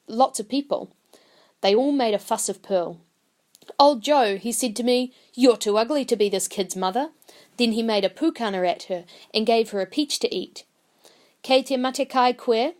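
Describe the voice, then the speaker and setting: A woman voicing an older Māori woman, earnest and indignant, speaking higher and pleading. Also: close to an everyday voice. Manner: pleading, rising and emphatic.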